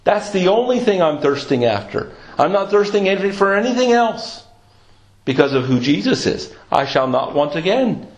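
Male preacher, earnest and emphatic, reads scripture, slightly high voice, roomy echo. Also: sing-song, moderate pace. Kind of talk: sermon with scripture reading. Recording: echoey room.

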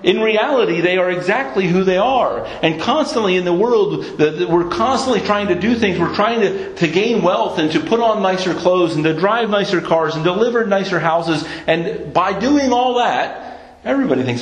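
An earnest male preacher with a somewhat high voice delivers his sermon. He often stumbles and repeats words mid-thought. The room around him is roomy and echoing. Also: animated, normal speed. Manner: earnest, repeats words when searching for them.

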